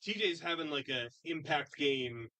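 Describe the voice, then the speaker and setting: Bright-voiced guy in casual sports chat. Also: fairly high pitch, animated, measured pace, dry recording. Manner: loose, rambling, lots of "like". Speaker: podcast co-host. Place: studio.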